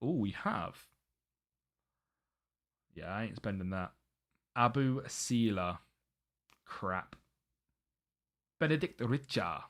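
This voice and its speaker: A man's voice: lowish voice, expressive, slow, pauses often, a bit bright. A young British man chatting casually on a live gaming stream, muttering to himself and laughing often.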